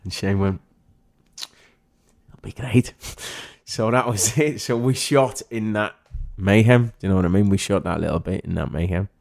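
A man's voice: lowish voice, a little fast, vocal fry, hardly any pauses, a little mellow. A man with a Liverpool accent, an actor talking as a guest in a casual interview, telling chatty stories. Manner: chatty storyteller, acts out others' voices.

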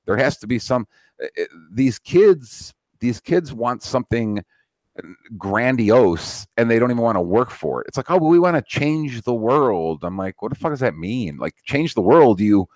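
A man's voice: mid-range voice, expressive, moderate pace, a little mellow, no echo. A man in his thirties hosting a podcast, talking in a profane, rambling way with many restarts. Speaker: podcast host. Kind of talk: casual political chat.

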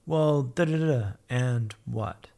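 Gravelly-voiced man, blunt and upbeat. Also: medium pitch, takes it slowly, warm tone. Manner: blunt, swears freely, upbeat motivational tone. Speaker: podcast guest. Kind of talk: casual candid storytelling.

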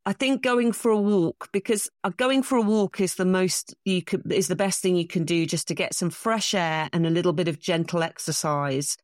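Brief: middle-aged English woman, lowish voice, animated anecdotal guest, dry close sound. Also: normal speed, few pauses, dry recording. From England. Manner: anecdotal, self-deprecating, animated storytelling. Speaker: bridge champion guest. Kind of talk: casual interview.

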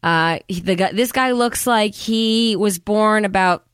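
A woman's voice: mid-range voice, unhurried, fairly bright tone, smooth, no room sound, studio quality. A woman co-hosting a casual podcast, chatty and sarcastic, acting out characters' lines as she recaps a movie. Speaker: podcast co-host. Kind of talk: casual chat reviewing a movie.

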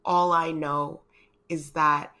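A woman's voice: low-pitched, flat delivery, takes it slowly, sharp tone. A woman co-hosting a podcast in casual chat, heartfelt and rambling, emotional and close to tears. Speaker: podcast co-host.

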